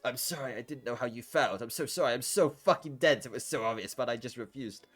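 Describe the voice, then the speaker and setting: A man's voice: mid-range voice, a little fast, a bit bright, voice pushed up, close to an everyday voice. A man reading the lines of a brash but caring young man in a visual novel, blunt and name-calling. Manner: blunt, calls her names affectionately.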